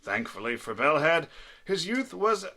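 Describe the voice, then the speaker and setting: A man's voice: on the high side, big pitch swings, measured pace, bright, forceful tone, exaggerated voice. A man putting on a little old man voice to read an elderly dwarf cleric's backstory at a tabletop game. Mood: solemn. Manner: reads a backstory aloud in a storyteller voice. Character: elderly male dwarf cleric, weathered and stiff. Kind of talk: tabletop character backstory reading.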